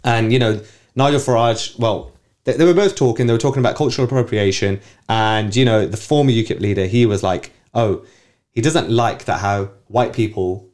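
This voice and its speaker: A man's voice: lowish voice, a little fast, a little mellow. A man hosting a casual chat podcast, teasing and arguing with his co-host. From United Kingdom. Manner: teasing, argumentative.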